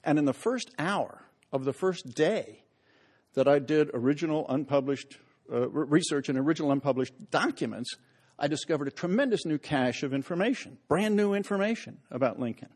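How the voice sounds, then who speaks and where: A man's voice: fairly high pitch, expressive, normal speed. A man giving a humorous public lecture as a historian, telling anecdotes with self-deprecating humor and acting out the voices in his stories. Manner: acts out quoted voices loudly.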